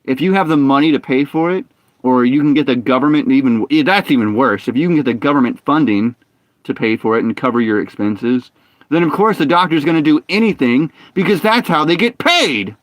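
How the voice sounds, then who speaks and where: A young man streaming a game, talking in a ranting, opinionated way with halting restarts and frustrated outbursts. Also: mid-range voice, animated, dry recording. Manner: halting restarts and repeated words. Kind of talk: casual live-stream talk while gaming.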